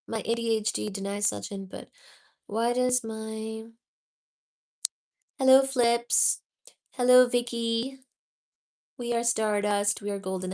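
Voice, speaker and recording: A woman's voice: a little high, a little mellow. Chatty woman hosting a livestream study. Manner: chatty, loose explanations full of "you know"; greets viewers one by one from the chat. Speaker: host of a live physics study stream. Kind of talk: casual livestream teaching and chat reading.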